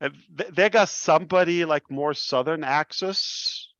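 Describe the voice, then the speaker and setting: A man with a delivery speaks slowly and earnestly on a live stream. His words come measured and deliberate, like a founder addressing his members. The audio is dry and dull, as from a close but muffled mic. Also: on the high side, fairly bright tone, no echo. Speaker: company founder presenting to members.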